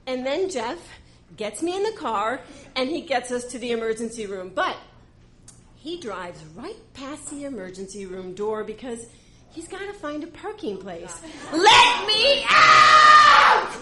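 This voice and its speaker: A woman telling a personal story live on stage, animated and exaggerating for comic effect. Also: on the high side, normal speed, heavy background noise.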